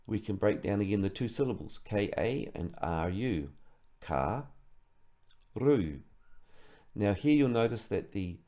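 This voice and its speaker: A man from New Zealand giving a slow instructional lesson, carefully breaking words into syllables. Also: fairly low pitch, lively intonation, mellow. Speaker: sonographer teaching Maori words.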